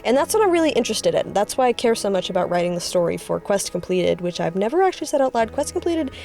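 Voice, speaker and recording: A woman artist casually talking through her drawings, chatty and rambling, with excited high-pitched bursts. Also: fast talker, vocal fry, faint music behind. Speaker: artist vlogger. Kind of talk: casual art commentary.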